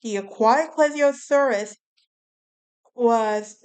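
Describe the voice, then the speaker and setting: A woman's voice: fairly high pitch, slow, clean tone. A woman hosting a casual solo podcast, telling a story in a rambling way, often correcting herself and laughing at her own telling. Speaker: podcast host.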